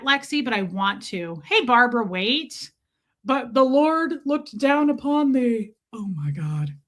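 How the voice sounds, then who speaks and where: A woman's voice: on the high side, fairly bright tone. Chatty woman on a livestream. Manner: chatty, profane, reads viewer comments aloud; playful exaggerated teasing. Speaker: livestream host. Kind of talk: casual livestream chat.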